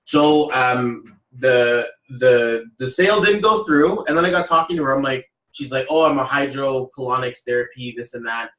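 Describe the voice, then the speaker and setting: A man's voice: medium pitch, moderate pace, few pauses. A man hosting a podcast, telling a personal story in casual chat and acting out what people said. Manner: animated storyteller who acts out quotes. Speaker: podcast host. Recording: roomy echo, voice a little far off mic.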